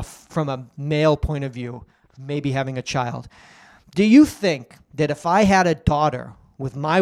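A high-pitched man ranting on a comedy podcast, loud and profane. He swings his voice up and down between mock impressions and outrage. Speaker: podcast co-host. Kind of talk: crude comedic rant.

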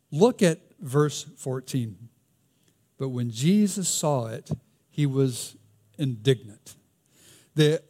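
A man's voice: on the high side, darkish tone. A man with a Southern US accent preaching a conversational sermon, reading scripture and asking rhetorical questions.

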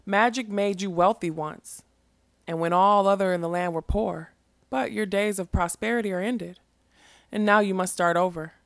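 Woman voicing a calm, quiet wizard. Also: mid-range voice, vocal fry, no room sound, studio quality, lightly acted. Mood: earnest. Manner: quiet, measured. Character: wise wizard, calm and persuasive.

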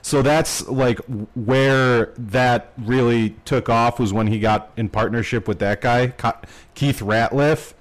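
A man's voice: medium pitch, steady tone, slow, low-quality recording. A man co-hosting a podcast, telling a story in a rambling, casual way with lots of fillers and swearing. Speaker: podcast co-host. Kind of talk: casual chat.

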